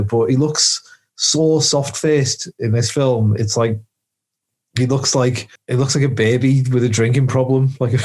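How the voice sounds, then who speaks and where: Male podcast co-host, casual and jokey, laughs through his film chat, mid-pitched. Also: a little mellow. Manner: jokey, laughs often, mimics film lines.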